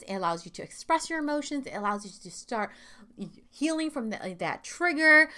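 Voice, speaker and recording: Chatty woman with a high voice. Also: fairly bright tone. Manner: candid, conversational, lots of fillers and asides. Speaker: podcast host. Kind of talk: casual self-help talk.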